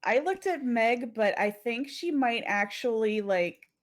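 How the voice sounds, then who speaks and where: A woman's voice: fairly high pitch, lively intonation, a little slow. A woman co-hosting a casual chat about a horror game, talking animatedly, swearing and laughing often. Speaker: co-host.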